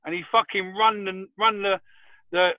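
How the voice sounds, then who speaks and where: Give me a high-pitched, foul-mouthed man over a thin, phone-like line, spinning chatty anecdotes. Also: moderate pace, no room sound. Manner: swears freely, animated anecdotes. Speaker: podcast co-host. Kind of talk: casual chat.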